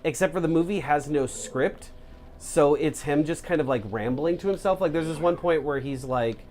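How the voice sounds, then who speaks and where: A young let's play co-host chats casually about the game, cursing as he rambles and leaning heavily on "like." His voice is slightly high with a darkish tone, normal speed, and a bit of background noise.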